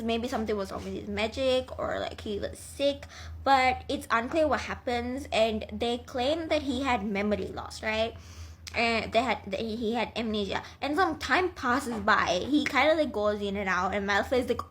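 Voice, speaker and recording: A woman's voice: fairly high pitch, slight background noise. A young woman rambling casually as she retells a story, with lots of fillers, swearing and laughter. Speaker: vlogger.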